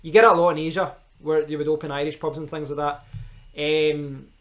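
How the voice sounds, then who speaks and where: A Scottish man, his voice sitting a little high for a man, chats through a live stream in an easy, rambling way. He picks up viewers' comments and talks back to them. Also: flat delivery, fairly quick. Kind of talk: casual live-stream chat.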